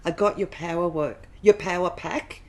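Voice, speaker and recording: A woman co-hosting a live show, reading out a viewer's question and chiming in with quick laughs and short replies. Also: on the low side, darkish tone, slight background noise. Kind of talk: reading out a question, casual chat.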